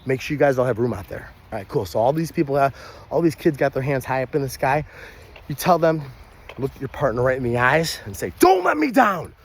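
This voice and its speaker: A party entertainer in his young adult years explains children's party games with plenty of energy, like a how-to guide. When he demonstrates the calls, he bursts into loud, high yells. His pace is fairly quick.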